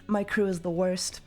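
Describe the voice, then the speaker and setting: A woman hosting a casual livestream chat, loud and sweary, with a slightly tired voice. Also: mid-range voice. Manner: loud, swears freely, jumps into yelling. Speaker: livestream host.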